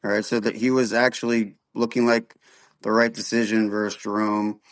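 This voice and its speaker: A man's voice: on the low side, level tone, normal speed. A man appearing as a podcast guest in casual sports chat, analytical and hedging, looking for the upside.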